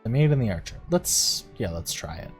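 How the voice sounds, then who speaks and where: A man's voice: lowish voice, big pitch swings, a little fast, faint music behind. A man streaming a visual novel, reading its text aloud and musing casually about his choices. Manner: casual, musing aloud between read passages. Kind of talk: let's-play game reading and commentary.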